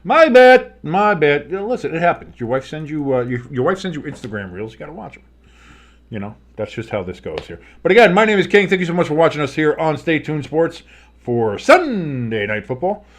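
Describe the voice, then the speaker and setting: He speaks on the high side, very animated and fairly quick. This man is a sports streamer handling live play-by-play, calling the action and rambling into playful asides.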